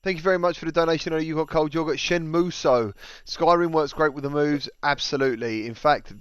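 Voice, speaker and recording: A man's voice: medium pitch, no room sound. A man hosting a casual gaming livestream, greeting viewers and reading out chat messages. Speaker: livestream host.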